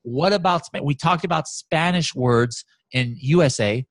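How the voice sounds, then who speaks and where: A man walking through software results on a shared screen in casual talk, animated and excited, with many fillers and restarts. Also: on the high side, measured pace, no room sound. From United States. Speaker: guest software expert.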